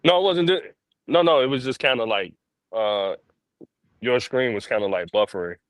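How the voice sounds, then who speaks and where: A man with a mid-range voice co-hosts a podcast over a remote call from outdoors, speaking at a normal speed with no room sound. He's relaxed and loose, chatting casually with plenty of fillers.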